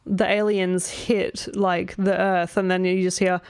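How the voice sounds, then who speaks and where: A woman's voice: on the low side, flat delivery, unhurried, clear, resonant tone, no room sound, studio quality. A woman vlogger chatting casually, rambling with lots of fillers, asking "right?" and swearing freely. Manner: rambling, filler-heavy, often asks 'right?'. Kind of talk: casual chat.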